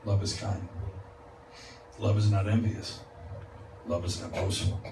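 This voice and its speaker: A man's voice: lowish voice, a little slow. Preacher man in an echoey church. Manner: builds from calm teaching to loud, laughing exclamations. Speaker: guest preacher. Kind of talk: revival sermon. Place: church sanctuary. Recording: echoey church, distant mic, noisy. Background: congregation responding.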